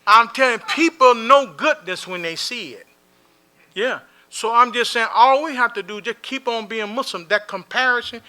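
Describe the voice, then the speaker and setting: A man's voice: extremely high pitch, normal speed, bright, forceful tone. A man speaking as a Muslim prison chaplain, telling plainspoken stories to a gathering and repeating key phrases for emphasis. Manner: plainspoken storytelling, acting out dialogue in scenes. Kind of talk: motivational talk to a community gathering.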